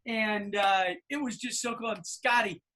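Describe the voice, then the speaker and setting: A middle-aged man telling a long anecdote on a podcast, acting out the people he quotes in loud, animated voices. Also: sits high, a little slow. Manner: animated storyteller, acts out quoted people loudly. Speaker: podcast co-host. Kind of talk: casual storytelling.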